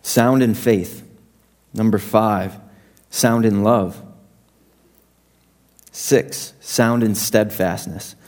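A young adult man preaching a sermon to his congregation in a conversational, self-deprecating way with animated asides. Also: lowish voice, drawn-out words, pauses often. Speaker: pastor.

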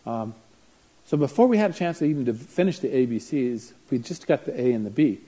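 A man with a mellow, warm voice teaching parents. He tells a long story in a chatty way and acts out the voices of the people in it. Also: medium pitch, animated, fairly quick, poor audio. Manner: anecdotal, acts out voices while telling stories. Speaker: parenting seminar speaker. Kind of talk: conversational teaching talk.

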